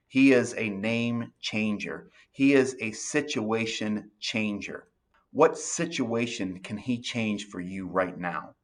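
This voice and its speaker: Male pastor, earnest sermon delivery with scripture reading, low-pitched voice. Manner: earnest, reads scripture aloud and applies it.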